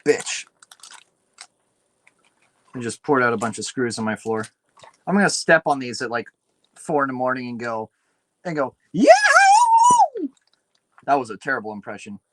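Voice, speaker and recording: A man's voice: mid-range voice, moderate pace, pauses often, a bit bright, a little hiss or hum, poor audio. A man streaming late at night while building a PC, muttering, swearing and rambling to himself as he works. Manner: rambling, self-deprecating. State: tired, up late. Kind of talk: casual livestream chat while building a PC.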